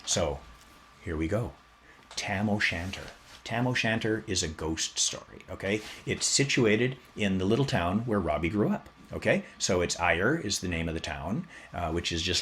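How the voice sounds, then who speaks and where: Deep-voiced man telling a lively story. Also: slight background noise. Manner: animated, jokey, leaps up in pitch for emphasis. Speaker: podcast host. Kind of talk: casual storytelling explainer.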